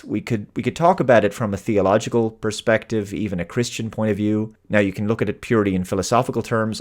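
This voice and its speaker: An Irish man hosting his own show, delivering an earnest, emphatic opinion monologue. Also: on the low side. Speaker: host.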